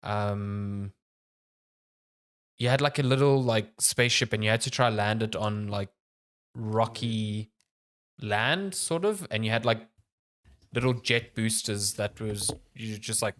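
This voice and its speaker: A man's voice: fairly low pitch, unhurried, pauses often, a bit bright. A man of thirty co-hosting a gaming podcast, rambling in casual chat, trailing off mid-thought and swearing offhandedly. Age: 30s. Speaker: podcast co-host.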